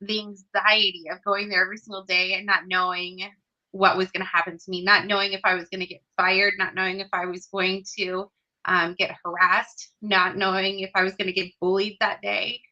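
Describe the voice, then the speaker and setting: Bright-voiced woman telling a heartfelt story. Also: medium pitch, level tone, brisk, lo-fi sound. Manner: earnest and heartfelt, with hesitant fillers. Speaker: podcast guest. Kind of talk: personal storytelling in conversation.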